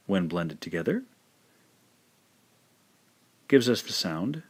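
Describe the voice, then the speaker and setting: A man teaching a language lesson, patiently saying each sound twice in a careful, drawn-out way. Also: deep voice, expressive. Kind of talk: slow, careful spoken lesson.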